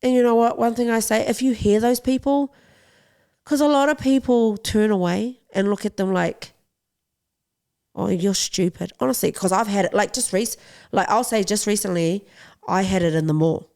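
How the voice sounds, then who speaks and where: Woman, young adult, podcast interview guest, boxing champion, gravelly voice, impassioned and pleading. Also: mid-range voice, normal speed, a little mellow. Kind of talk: podcast interview, personal story.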